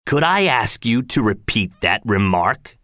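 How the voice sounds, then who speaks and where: A man's voice: fairly low pitch, big pitch swings, pushed and bright, dry recording, studio quality, heavily acted. A man voicing a smug, menacing governor who drags out his words condescendingly. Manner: slow, drawn-out, condescending delivery. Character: smug, menacing male governor, slow and silky.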